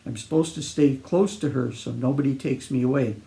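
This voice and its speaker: A man's voice: mid-range voice, fairly quick, gravelly, dark tone, natural voice. A man voicing a curious little girl who worries at bedtime, asking her grandfather one question after another. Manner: questioning, childlike.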